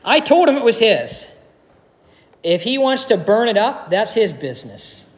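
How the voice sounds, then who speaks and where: A man preaching plays a calm business owner who speaks slowly and serenely about losing his plant. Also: high voice. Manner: slow, serene, matter-of-fact. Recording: long hall reverb.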